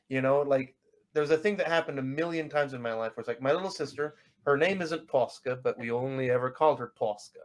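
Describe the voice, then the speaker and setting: A man's voice: mid-range voice, fairly quick. A man from the United States who grew up bilingual, chatting casually on a podcast panel and explaining with examples. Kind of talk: casual chat.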